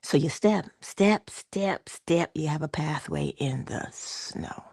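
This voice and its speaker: A woman giving a conversational motivational talk, coaching her listener and dropping into soft whispers for emphasis. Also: low voice, huge pitch swings, slow, slightly rough, no echo, clean studio sound. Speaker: inspirational speaker.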